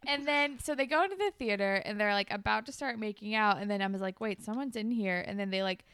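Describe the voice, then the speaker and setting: A woman co-hosting a podcast, telling a TV episode in an animated way and acting out the lines. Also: mid-range voice, fast talker, clean tone, no echo. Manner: animated storytelling, acts out lines. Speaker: podcast co-host. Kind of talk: casual chat recapping a TV episode.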